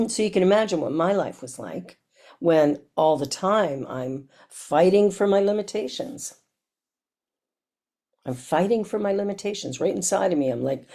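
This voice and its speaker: A woman's voice: lowish voice, animated, a little slow, dark tone. A woman minister giving a reflective sermon that asks the listener many questions.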